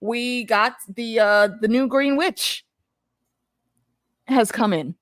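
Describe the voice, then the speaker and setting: A woman hosting a casual show discussion, animated, laughing often and repeating her words as she talks. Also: fairly high pitch, slow pace, no echo, clean studio sound. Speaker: host.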